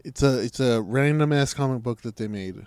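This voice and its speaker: A man's voice: mid-range voice, fairly quick, darkish tone, clear, resonant tone, no echo. A young man in casual, profane chat, sarcastic and mocking, ranting about a show. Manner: crude, sarcastic, mocking, does silly impressions.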